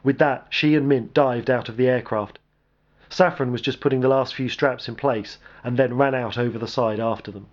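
A man reading a military action story aloud as narrator, in a steady, even delivery. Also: mid-range voice, normal speed, muffled recording.

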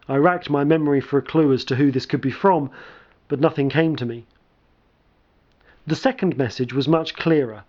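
A man narrating a first-person story in a measured, dramatic way. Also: medium pitch, darkish tone. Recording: dull lo-fi recording.

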